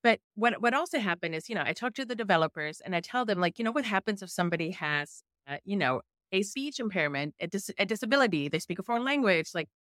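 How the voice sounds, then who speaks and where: A middle-aged woman with a German accent, a native German speaker, speaking as an investigative journalist guest and telling her stories with lively, acted-out quotes. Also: mid-range voice, fast, hardly any pauses, dry recording, clean studio sound. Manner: animated storyteller, acts out her own quotes. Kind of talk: conversational interview answers.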